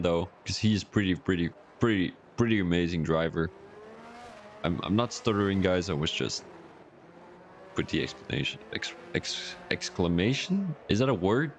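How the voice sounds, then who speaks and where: A man's voice: low-pitched, slight background noise. A man giving rambling, chatty live-stream commentary on a sim racing league, talking to his viewers and joking about himself. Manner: rambling and chatty, talks to the chat, jokes at himself.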